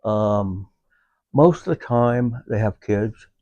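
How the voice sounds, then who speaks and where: A man speaking as a veteran guest in a casual conversation about his service dog, pausing often with fillers as he talks. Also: on the low side, warm tone, dry recording, dull audio. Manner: halting, unhurried, with many filler pauses.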